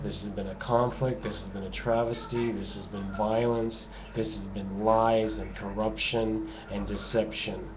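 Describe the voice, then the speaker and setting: A man delivering a sarcastic, emphatic ranting monologue to camera, repeating his points for effect. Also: on the low side. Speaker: video blogger. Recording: dull lo-fi home recording with noise.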